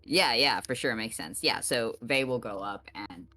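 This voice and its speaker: A woman's voice: rumbling low, expressive, measured pace, sharp tone, no room sound, faint music behind. A woman playing a tabletop game, asking questions and thinking aloud in casual, giggly chat. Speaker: player.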